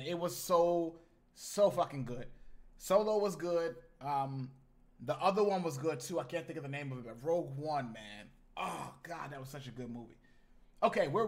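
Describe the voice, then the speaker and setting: A man in his thirties chatting casually on a live stream, animated and slangy, talking straight to his chat. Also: a little high.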